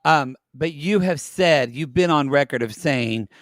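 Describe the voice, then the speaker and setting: A man's voice: on the high side, unhurried, dry recording, clean studio sound. A man co-hosting a podcast, recapping with wry, teasing asides. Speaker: podcast co-host. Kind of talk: casual chat.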